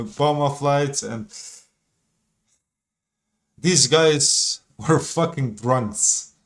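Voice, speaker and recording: A man's voice: on the high side, fairly bright tone. A man giving casual reaction commentary in an insistent, repetitive way, sometimes swearing. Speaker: reaction streamer.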